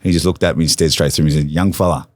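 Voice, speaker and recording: An Australian former rugby league captain, speaking very fast in a very deep voice on a dry recording, swaps casual stories from his sporting career as a podcast guest. His anecdotes are animated, and he acts out quoted lines with bursts of laughter.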